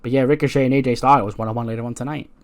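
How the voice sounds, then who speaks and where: A man's voice: mid-range voice, fairly even intonation, racing. A man giving casual, amused commentary as he retells a game storyline, voicing the characters along the way. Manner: chatty, amused, narrates with voiced quotes. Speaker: let's play creator.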